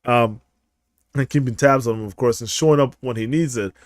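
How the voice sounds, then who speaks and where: A young man commentating a game playthrough in a casual, animated, profane, laughing way. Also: medium pitch, fairly quick, no room sound, studio quality. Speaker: streamer.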